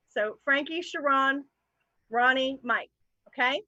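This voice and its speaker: A woman hosting a live improv comedy show, laughing through quick asides to her cast. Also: high-pitched, bright, forceful tone, no echo, dull audio.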